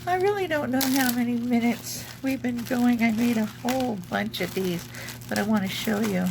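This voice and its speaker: A woman's voice: fairly high pitch, normal speed, vocal fry, noisy background. A woman casually showing her craft work, rambling and searching for words with many ums. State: has the hiccups. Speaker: junk journal crafter. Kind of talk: casual craft show-and-tell.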